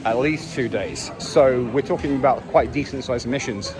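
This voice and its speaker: This man from England is making a casual travel vlog on foot along a busy city street, chatty, wry and poking fun at himself. He talks at a moderate pace in a mid-range voice. The outdoor recording is noisy, with traffic, city sounds and a crowd in the background.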